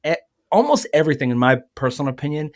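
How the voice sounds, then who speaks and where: A man chatting as a guest on a podcast, spinning a lively personal anecdote. He talks casually, piles up fillers and restarts, and slips into other people's voices as he goes. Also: fairly high pitch, very fast. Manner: animated, acts out quoted voices; frequent fillers and self-corrections. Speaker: guest musician. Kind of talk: casual storytelling.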